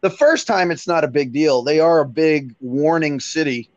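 A man's voice: a little high, normal speed, dry recording, highs cut off. A man, a stand-up comedian, chatting casually and hesitantly on a podcast, talking from a pizza restaurant. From Texas, US. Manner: laid-back, hesitant, many likes. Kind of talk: casual chat. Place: Pizza Hut, away from home.

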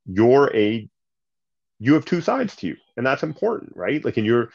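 A man's voice: mid-range voice, big pitch swings, normal speed, creaky, a little mellow, voice pushed up. A man quoting his older father, blunt and matter-of-fact but caring. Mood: earnest. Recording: slightly muffled sound.

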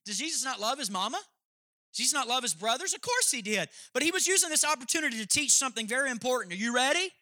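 A male pastor delivers a sermon in a high, ringing voice with a forceful edge. He is emphatic and jokey, and he addresses the congregation directly. The sound is close and dry. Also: animated, quick pace, dry recording.

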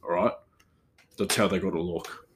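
A man's voice: low voice, steady tone, moderate pace, a bit bright, slight background noise, pitched below the performer's own voice. A man voicing a bossy, boastful male pizza shop boss, lecturing and pompous.

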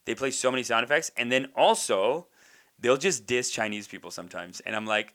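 Bright, animated male comedian. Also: medium pitch, brisk. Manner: animated, riffing, slangy. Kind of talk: stand-up comedy bit.

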